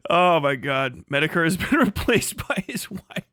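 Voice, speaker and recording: A man ranting through a casual livestream in a bright, high voice, crude and profane, laughing often. The sound is dry and close. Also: very animated, normal speed, dry recording. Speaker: streamer host.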